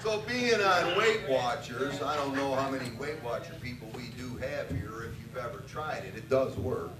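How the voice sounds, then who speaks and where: Crude, animated stand-up comic man. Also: mid-range voice, normal speed, a crowd in the background. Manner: crude, profane storytelling. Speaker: stand-up comedian. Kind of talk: stand-up routine. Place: bar stage. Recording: roomy, distant, loud bar noise.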